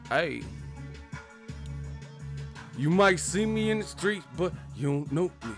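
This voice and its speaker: A man's voice: a little high, expressive, a little slow, long pauses, a bit bright, faint music behind. A man chatting casually on a live stream, laughing often, swearing and slipping into impressions of others. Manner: laughs often, profane, slangy, imitates others. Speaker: commentator.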